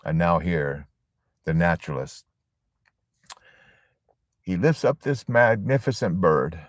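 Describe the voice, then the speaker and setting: A man leading a support group, giving a storytelling sermon with emphatic, pause-filled delivery. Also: low-pitched, sing-song, no room sound, studio quality.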